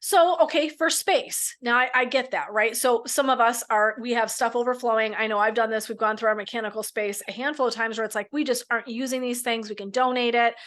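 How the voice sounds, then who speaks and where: Animated laughing midlife woman. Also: fairly high pitch, a little fast, few pauses. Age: middle-aged. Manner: animated, laughing often, swearing freely. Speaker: podcast co-host, midlife coach. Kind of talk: casual chat.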